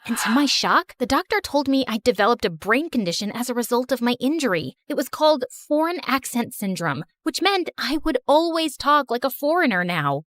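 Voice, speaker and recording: A woman's voice: on the high side, dry recording. A woman narrating a first-person school story in a chatty, youthful manner.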